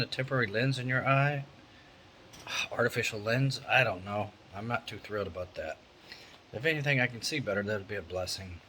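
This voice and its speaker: A middle-aged man talks to his camera in a loose, rambling way, candid and conversational. His voice sits fairly low. A faint steady hum from a fan in the room runs behind him. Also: poor audio. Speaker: vlogger. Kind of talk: casual vlog monologue. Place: indoor room with an electric fan.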